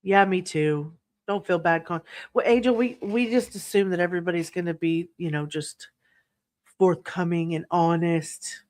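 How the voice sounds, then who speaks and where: Lady hosting a live stream, snarky and chatty, kinda low voice, laughs a lot. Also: normal speed, darkish tone. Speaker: true crime livestream host. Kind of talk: casual livestream chat reading viewer comments.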